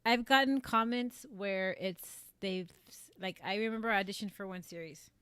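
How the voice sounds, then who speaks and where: A woman streamer who does amateur voice acting, chatting casually and rambling with many fillers and restarts in a fairly flat delivery. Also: normal speed, smooth, no room sound. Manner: flat, low-emotion delivery. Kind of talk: casual live-stream chat.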